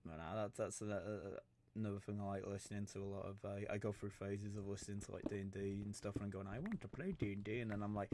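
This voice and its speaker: A man's voice: fairly low pitch, little pitch movement, fast talker, a little mellow, a little hiss or hum. A young man, rambling and joking, stammering often and swearing casually as he chats on a gaming livestream. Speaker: streamer.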